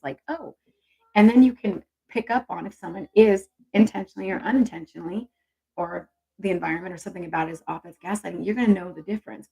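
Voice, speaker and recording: A woman's voice: medium pitch, creaky, warm tone, slightly rough, low-quality recording. A woman hosting a casual live stream on intuition, chatty and encouraging as she reads viewer comments aloud.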